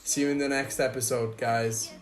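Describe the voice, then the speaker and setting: Sarcastic, crude podcast host. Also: male voice, mid-range voice, fairly even intonation, normal speed. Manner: sarcastic, crude and mock-reverent. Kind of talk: comedic movie review and reaction.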